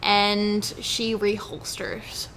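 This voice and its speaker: Bright, chatty young woman podcaster. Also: mid-range voice, monotone, extremely slow. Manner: chatty, laughs often, storytelling. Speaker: podcast co-host, news segment host. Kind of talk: casual podcast chat and news retelling.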